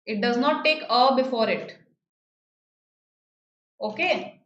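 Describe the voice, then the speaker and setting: A woman with an Indian English accent, her voice fairly high, explains grammar patiently, repeating key phrases and checking in with "right?". The sound is slightly muffled and roomy, with a faint hiss behind her. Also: animated, a little slow, pauses often. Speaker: teacher. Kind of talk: online grammar lesson.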